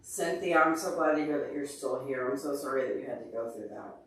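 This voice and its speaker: A man's voice: mid-range voice, brisk, a bit bright, slight background noise. Emotional man talking from far off. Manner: emotional, earnest, openly tearful; talks to viewers by name. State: upset and teary. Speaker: livestream host answering chat. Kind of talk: casual livestream chat. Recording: very echoey room, far from mic.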